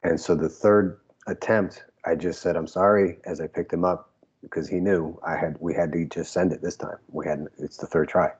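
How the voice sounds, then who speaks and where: Male guest, deep and husky, easygoing storyteller; muffled lo-fi sound. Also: fairly even intonation, normal speed, darkish tone. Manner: laid-back storyteller, laughs often. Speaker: former pro wrestler guest. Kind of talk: casual interview recollection.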